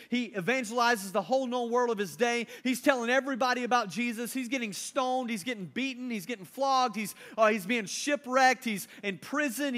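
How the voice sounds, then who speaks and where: Man, 30s, pastor, sermon, casual storyteller, high voice. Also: pushed and bright. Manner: casual storytelling, asks the crowd questions.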